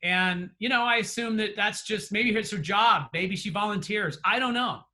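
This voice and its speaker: A man with a high, bright voice speaks over a video call as a trainer wrapping up a class. He is earnest and encouraging, and he often restarts his sentences and fills pauses with "uh" and "you know.". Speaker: real estate trainer. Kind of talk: motivational closing remarks.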